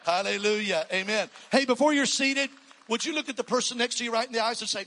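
A man's voice: extremely high pitch, a little fast. A male pastor preaching a sermon with energy, calling on the congregation to answer back. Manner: energetic, calls for congregational response. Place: church sanctuary. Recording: long reverb in a church hall.

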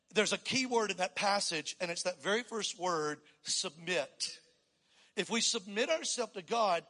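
A pastor preaching a sermon to a church crowd, rising to loud emphatic calls and getting the crowd to respond. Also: male voice, high voice, big-room sound. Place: large church.

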